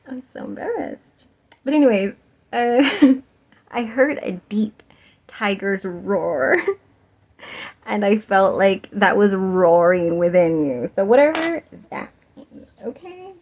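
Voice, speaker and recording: A woman's voice: mid-range voice, very animated, slow, a little mellow, highs cut off. Giggly young woman reading tarot. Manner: chatty and giggly, lots of "like" and laughs. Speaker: tarot reader. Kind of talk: pick-a-card tarot reading.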